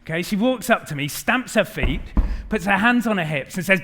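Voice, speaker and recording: A middle-aged man giving an animated keynote talk to a live audience, acting out the quotes in his stories. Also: high voice, brisk. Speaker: conference speaker.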